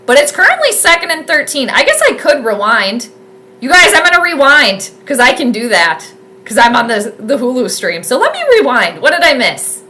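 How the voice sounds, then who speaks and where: A woman streamer talks her way through a live football game in a casual, excitable, rambling manner. Her voice sits high and sounds bright and forceful, with plenty of fillers. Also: normal speed. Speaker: sports streamer doing live game commentary.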